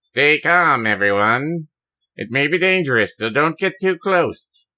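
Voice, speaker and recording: A man voicing a laid-back male bird teacher, soft-spoken and unhurried. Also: fairly high pitch, animated, heavily acted. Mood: calm. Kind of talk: video game voice acting.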